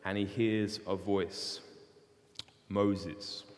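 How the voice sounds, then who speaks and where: A young man preaching a sermon in a casual, animated storytelling way. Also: medium pitch, moderate pace. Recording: long hall reverb.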